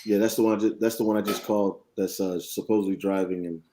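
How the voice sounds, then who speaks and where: Man, relaxed slangy banter, cold caller, mellow low voice. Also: fast. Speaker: real estate cold caller. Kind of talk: casual banter.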